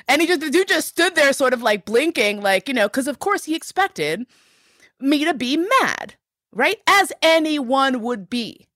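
A woman telling personal stories as an interview guest, reflective and frank, growing animated as she retells events. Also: fairly high pitch, moderate pace, no room sound, studio quality. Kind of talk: candid personal storytelling.

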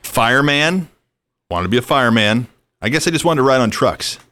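A man hosting a casual chat, reminiscing in a relaxed way and laughing easily. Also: medium pitch, brisk, no room sound.

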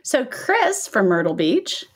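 A woman's voice: medium pitch, very animated, slow, slightly rough. A woman from the American South co-hosting a podcast, reading listener letters aloud and laughing along in friendly chat. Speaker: podcast co-host. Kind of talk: casual chat.

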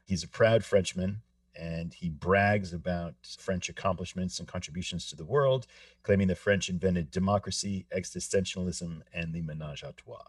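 A man co-hosting a podcast, explaining things in a measured, explanatory way. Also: sits low, no room sound, recorded from a distance. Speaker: podcast co-host. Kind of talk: casual podcast discussion.

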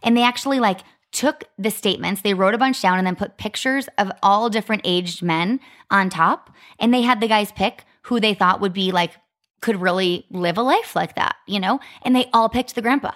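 A woman in her thirties co-hosting a podcast, talking in a chatty, casual way. She leans on "like" and keeps a story rolling with animated retellings. Her voice sits at an ordinary middle pitch. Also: moderate pace. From Arizona, US. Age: 30s. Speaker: podcast co-host.

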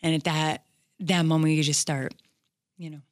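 A middle-aged woman with a somewhat low voice tells her story as an interview guest. She speaks candidly and haltingly, with many pauses and fillers. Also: flat delivery.

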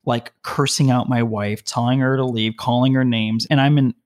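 A man telling a long personal story from his home office, in an animated, heated way with quick bursts of speech. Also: medium pitch. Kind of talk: conversational storytelling.

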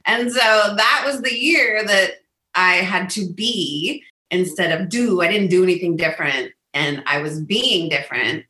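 A woman guest speaking in a casual interview, animated and acting out quoted lines in a high voice. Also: unhurried, reverberant. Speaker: guest, business coach.

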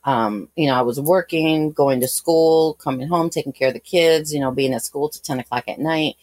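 A woman's voice: sits low, moderate pace, darkish tone, no room sound. A woman in her thirties telling a candid personal story in an interview, rambling with many fillers. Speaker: guest.

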